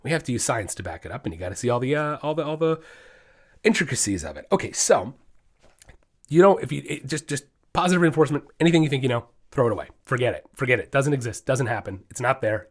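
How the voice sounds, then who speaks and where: A man's voice: medium pitch, lively intonation, quick pace. A man hosting his own dog training podcast, talking solo in an emphatic, fired-up way that often slides into ranting.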